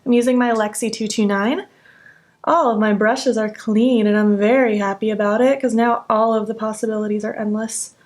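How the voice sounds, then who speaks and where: A woman in her twenties talks to her camera while doing her makeup at home. Her voice sits a little high, and she gushes with excitement over every shade in a casual, effusive vlog manner. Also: moderate pace. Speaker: beauty vlogger. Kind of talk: makeup tutorial chat.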